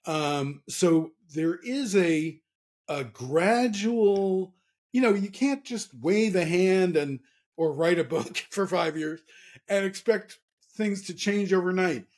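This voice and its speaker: A man's voice: high-pitched, slow pace, a little mellow. A man being interviewed as a guest author, talking candidly and earnestly with frequent restarts. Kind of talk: casual interview chat.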